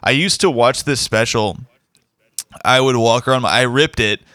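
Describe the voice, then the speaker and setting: A man's voice: mid-range voice, moderate pace, bright, forceful tone, no room sound, clean studio sound. A man hosting a podcast, chatting casually and enthusiastically, rambling with fillers. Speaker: podcast host. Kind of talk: casual chat.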